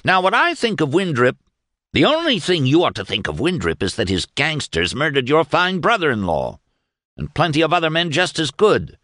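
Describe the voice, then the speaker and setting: A man's voice: on the low side, huge pitch swings, unhurried, fairly bright tone, dry recording, pitched above the performer's own voice, heavily acted. A man doing a blunt old village editor. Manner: plain-spoken, dry and cutting. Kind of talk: audiobook character reading.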